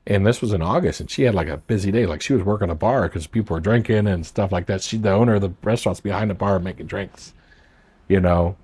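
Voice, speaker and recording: A low, slightly rough male voice, darkish and quick. At a marina boat club, a marina owner campaigning for office tells his campaign story in a rambling, easygoing way, acting out what people told him.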